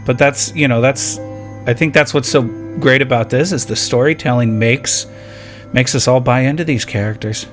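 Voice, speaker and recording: A man's voice: mid-range voice, moderate pace, soft background music. A man playing a tabletop game, talking in a casual, rambling and reflective way during a break. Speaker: player.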